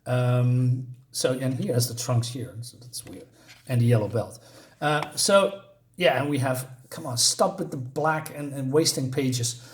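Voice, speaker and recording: Rambling man reviewing a comic. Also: medium pitch. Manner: rambling, hesitant, many fillers; chuckles between points. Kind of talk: casual spoken review.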